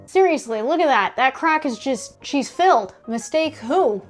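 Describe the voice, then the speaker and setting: At a measured pace and in a high voice, the young adult vlogger narrates her home renovation from an indoor hallway while soft music plays. She's sassy and swears freely, animating her stories with voiced quotes.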